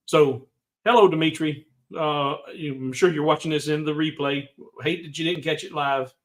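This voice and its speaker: A man's voice: a little high, moderate pace, a bit bright. Rambling man hosting a livestream. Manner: rambling, talks to chat viewers by name. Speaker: livestream host. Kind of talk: casual livestream chat.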